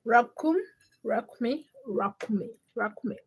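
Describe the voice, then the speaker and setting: Woman, young adult, high pitch, livestream host, teasing chat banter. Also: slow, husky. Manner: teasing and laughing, reads chat names aloud. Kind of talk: casual livestream chat, reading comments.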